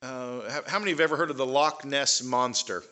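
A man's voice: mid-range voice, brisk, sharp tone. A man giving a conversational talk to a live audience, with fillers and rising emphasis on key points. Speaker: speaker.

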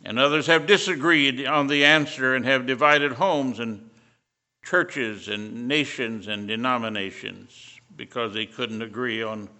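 A man's voice: medium pitch, measured pace, sharp tone. An older man preaching a sermon, telling a story and building to fervent emphasis.

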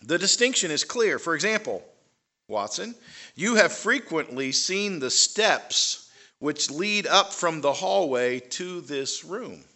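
A man reading the lines of a sharp, precise male detective lecturing his friend, a touch higher and more clipped than his own voice. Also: big pitch swings, slow pace, exaggerated voice.

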